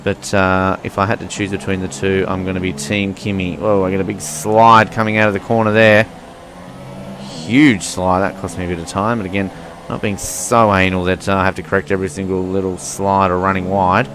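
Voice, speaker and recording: A man's voice: sits low, little pitch movement, brisk. A young man giving rambling, self-mocking commentary while playing a racing game. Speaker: gaming commentator. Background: faint car engine noise.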